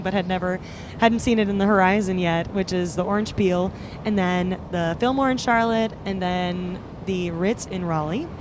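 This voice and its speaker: Woman, podcast host, chatty and upbeat, mid pitch, road noise from a moving van. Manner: chatty, upbeat, with frequent fillers. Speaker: podcast host and band member. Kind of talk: casual storytelling chat.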